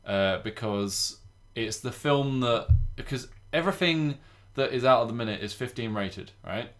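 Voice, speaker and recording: A young man chatting on a podcast. He rambles and jokes, swearing freely, at a mid pitch for a man. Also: animated, normal speed, a bit bright. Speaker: podcast co-host. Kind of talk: casual chat.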